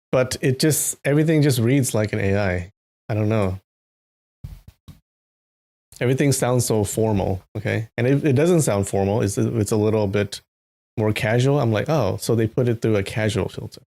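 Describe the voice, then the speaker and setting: Man, streamer, low voice, casual chat, greets viewers, animated asides. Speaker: live-stream host reading a novel.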